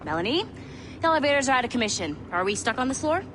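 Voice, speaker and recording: An actress playing a sharp-tongued, sarcastic female tech agent in a video game, with steady ambient noise behind. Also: sits high. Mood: brisk. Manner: brisk, sarcastic.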